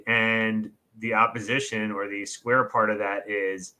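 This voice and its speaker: A man's voice: on the low side, steady tone, unhurried, few pauses, sharp tone. A man co-hosting a casual astrology chat, rambling and restarting his sentences often. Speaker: co-host. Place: alone in his own room.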